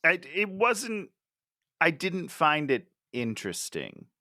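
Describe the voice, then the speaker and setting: Bright, lively-voiced man ranting about a film. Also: fairly high pitch, slow, dry recording. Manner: exasperated, laughs often while ranting. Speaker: podcast co-host. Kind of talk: casual movie-critique podcast chat.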